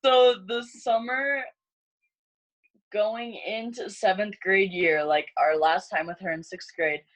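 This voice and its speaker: A young woman in her late teens, a high school senior, chatting casually with a classmate and using many "like" fillers. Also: fairly even intonation, slow pace, rough recording. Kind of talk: casual chat between classmates.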